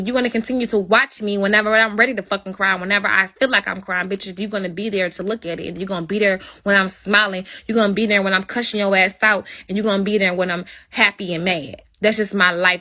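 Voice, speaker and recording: Her medium-pitched voice sounds pushed and bright as she rants at the viewers of her livestream. As host, she's blunt, confrontational and swears constantly.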